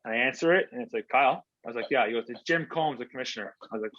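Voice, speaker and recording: A man's voice: mid-range voice, very fast, fairly bright tone, dry recording. A man from Canada, a hockey player guest, telling stories casually with lots of fillers and replayed conversations. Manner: chatty, filler-heavy, replays conversations in quotes. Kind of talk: casual storytelling interview. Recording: dull, dry lo-fi sound.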